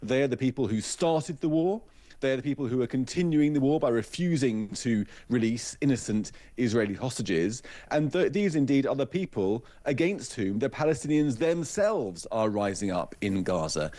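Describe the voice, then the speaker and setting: A man who is an author, a guest on a radio interview, speaking in a measured, pointed way with dry scorn. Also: medium pitch, expressive, dark tone.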